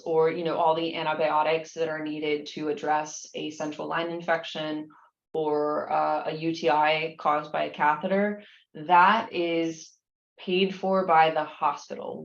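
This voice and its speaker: A woman's voice: sits low, vocal fry, echoey room, lo-fi sound. A woman explaining nursing exam questions, reading each one aloud and then walking through the answers patiently, with frequent restarts.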